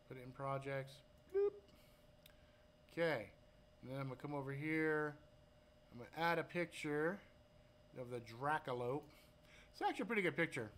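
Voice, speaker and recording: A man from Hawaii hosting a live stream, telling stories and answering chat in loud, profane, animated talk. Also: medium pitch, a little hiss or hum. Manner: reads chat aloud and talks to viewers.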